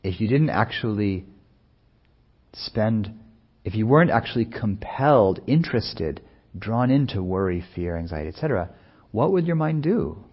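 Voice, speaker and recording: A man speaking as a meditation teacher in a soft-spoken, unhurried, musing way, with many pauses. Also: fairly low pitch, expressive, husky, lo-fi sound. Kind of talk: reflective dharma talk.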